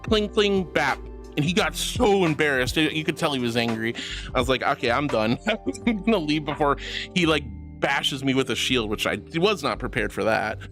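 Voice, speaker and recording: Her voice sits low, expressive and a bit bright, moving at a normal speed with faint music underneath. It's a casual live-stream chat where the young VTuber reads messages and affectionately thanks viewers, calling them "sweetie."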